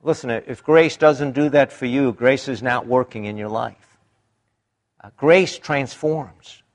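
A man preaching a sermon in an emphatic, deliberate way, his pitch rising and dropping dramatically.

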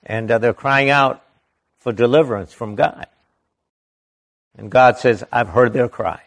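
With a mid-range voice, this man preaches from the Bible, taking the verses at a slow, deliberate pace and breaking off to add his own forceful commentary.

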